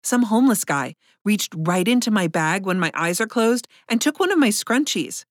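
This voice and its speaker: A woman's voice: mid-range voice, animated, normal speed, no echo, clean studio sound, lightly acted. A woman voicing a young female student who speaks defensively and with exasperation. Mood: exasperated.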